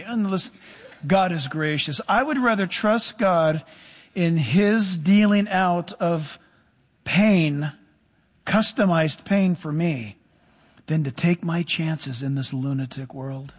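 Taking things slowly, a middle-aged man preaches as a pastor with animated energy, broken by abrupt shifts to quiet, low asides.

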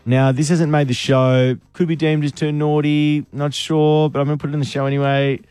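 A man co-hosting a radio show, chatting casually and teasing his co-host while telling a story slowly. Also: a little high, little pitch movement, a little mellow, clean tone, no room sound, soft background music. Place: radio studio.

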